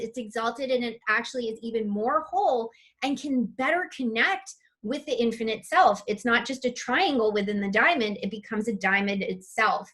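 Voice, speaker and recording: A woman's voice: on the high side, moderate pace, hardly any pauses, fairly bright tone. A woman presenting a live online spiritual masterclass, reading chat comments aloud and gushing over them with open emotion.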